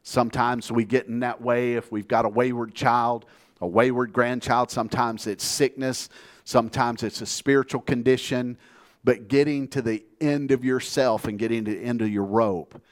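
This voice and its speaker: An American pastor preaches from the pulpit in an earnest, plainspoken manner. He tells his story steadily, with a voice of ordinary pitch for a man. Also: steady tone, moderate pace. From United States. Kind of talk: sermon.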